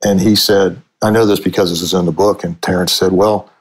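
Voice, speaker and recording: Low-voiced older sportswriter telling stories. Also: male voice, steady tone, a little fast, rough recording. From Cincinnati, USA. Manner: rambling storyteller with frequent restarts. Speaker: sportswriter and author. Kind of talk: conversational storytelling interview.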